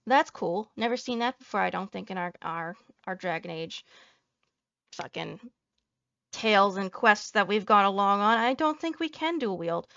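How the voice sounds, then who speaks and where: A woman's voice: medium pitch, animated, normal speed, sharp tone, dry recording, studio quality. A woman VTuber giving a salty, profane reaction commentary, ranting and joking at her viewers. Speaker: VTuber streamer.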